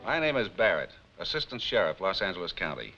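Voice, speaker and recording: A man playing a lawman who narrates a 1950s TV crime drama in a grave, measured way, slowing down for emphasis. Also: low-pitched, sing-song, loud music behind the voice. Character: stern middle-aged male lawman narrator. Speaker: show's narrator presenting as a sheriff's official. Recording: dull lo-fi 1950s TV soundtrack.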